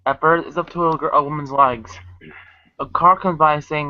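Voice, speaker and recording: A man with an ordinary mid-pitched voice tells a long joke plainly and steadily. The audio is dry and slightly muffled. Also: steady tone, normal speed, no room sound.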